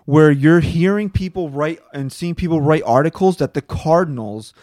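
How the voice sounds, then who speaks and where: A man's voice: a little high, normal speed, darkish tone, no echo, clean studio sound. A man co-hosting a sports podcast, ranting in casual, profane chat about his team's players. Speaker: podcast co-host.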